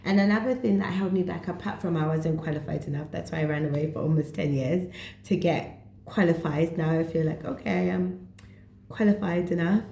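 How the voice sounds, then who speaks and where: Earnest Setswana-accented woman, gravelly and low. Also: fairly quick, mellow, roomy sound, slight background noise. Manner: earnest, chatty, slips into Setswana. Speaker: mental health vlogger. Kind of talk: casual direct-to-camera talk.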